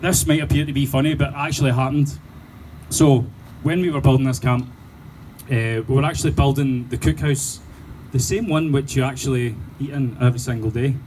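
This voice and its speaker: A man with a Glaswegian accent doing sweary, animated stand-up storytelling and laughing through his punchlines. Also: medium pitch, a little fast, slight background noise, low-quality recording. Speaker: stand-up comedian.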